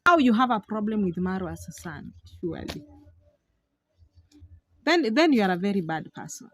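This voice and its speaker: A young woman talks straight to her viewers from a village, animated and quick to laugh, circling back to the same phrases. Her voice sits at an ordinary middle pitch, and the recording is dry, with almost no room sound. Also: no room sound. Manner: animated, laughs often, repeats herself. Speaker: vlogger. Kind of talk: casual vlog commentary. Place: outdoors in a village.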